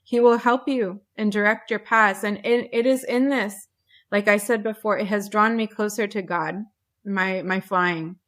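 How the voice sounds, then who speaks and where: A woman's voice: mid-range voice, steady tone, a little slow, fairly bright tone. A woman who is an airline pilot, talking earnestly in an interview and repeating phrases for emphasis. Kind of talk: faith-filled interview talk.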